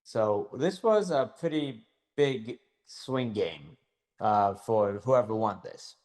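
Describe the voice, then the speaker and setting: A man's voice: lowish voice, lively intonation, slow, a little mellow. A man co-hosting a podcast in casual chat, carefully recalling details as he talks. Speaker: podcast co-host.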